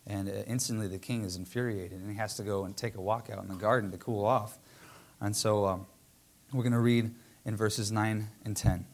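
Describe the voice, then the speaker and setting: A man's voice: lowish voice, steady tone, moderate pace. Man retelling a Bible story. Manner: reads scripture, then paraphrases casually; frequent fillers, restarts. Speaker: preacher.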